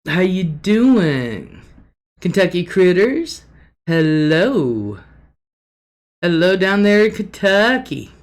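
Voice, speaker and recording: A woman's voice: fairly low pitch, sing-song, takes it slowly, long pauses. A middle-aged woman hosting a casual livestream, chatty and homey, greeting viewers by name and laughing often. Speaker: livestream host.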